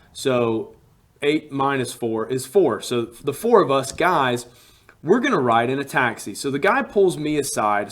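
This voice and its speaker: A man from Alabama, telling a personal travel story in a casual, animated way and acting out what people said. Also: medium pitch. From Alabama, USA. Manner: animated, acts out quotes with rising emphasis.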